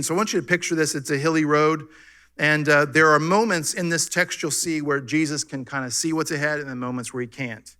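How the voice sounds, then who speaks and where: Male pastor, bright forceful tone, slightly high voice, preaching with lots of questions to the room. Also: brisk. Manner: animated preaching with rhetorical questions. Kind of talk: sermon. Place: church sanctuary.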